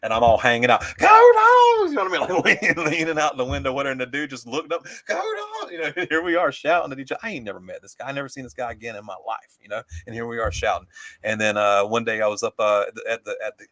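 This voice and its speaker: A man's voice: medium pitch, racing, bright, forceful tone, dry recording. A man co-hosting a casual chat, telling long stories full of fillers and restarts and laughing often. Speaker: co-host.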